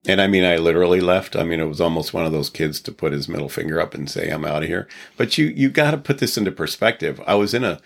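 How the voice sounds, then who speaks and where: A man's voice: low-pitched, lively intonation, fast, creaky, hardly any pauses. A man from Texas, a podcast guest, telling long rambling stories in a reflective way and chuckling now and then. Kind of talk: casual storytelling interview.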